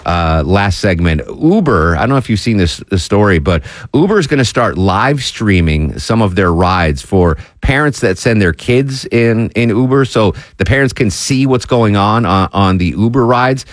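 A man's voice: on the low side, lively intonation, dry recording, studio quality. A man hosting a live radio talk show, joking and chatting casually with a caller and his producer. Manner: jokey, quick, ad-libbing with filler. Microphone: studio microphone.

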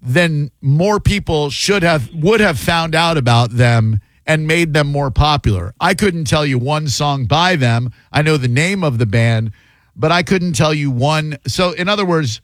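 A man's voice: fairly high pitch, expressive, a little slow, dry recording. A man hosting a call-in radio show, wry and opinionated, holding forth at length.

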